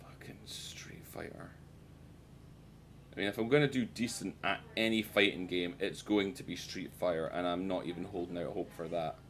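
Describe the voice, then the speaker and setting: Sweary streamer with a lowish voice. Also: male voice, fairly even intonation, fairly quick, few pauses, a little hiss or hum. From United Kingdom. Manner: chatty, swears freely, self-mocking. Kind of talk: casual live-stream chat while gaming.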